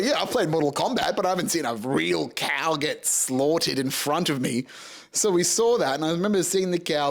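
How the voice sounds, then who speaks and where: An Australian podcast host in his thirties tells a comic story full of swearing, laughing his way through it with plenty of animation. His voice is fairly high for a man and creaky.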